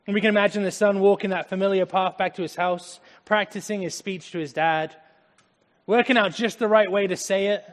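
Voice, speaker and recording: Dramatic preacher man with a high voice. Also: normal speed. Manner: dramatic, swings from loud to hushed. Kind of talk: sermon. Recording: echoey hall.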